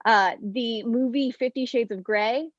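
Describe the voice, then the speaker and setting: A woman's voice: fairly high pitch, unhurried, dull audio, background noise. A young woman doing a stand-up comedy set over an online stream, wry and self-deprecating, chatty with lots of fillers.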